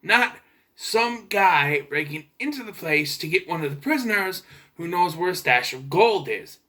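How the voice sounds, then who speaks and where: Bright, animated young movie reviewer. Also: male voice, fairly high pitch, unhurried. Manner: chatty, sarcastic, clears throat. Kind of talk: casual video review.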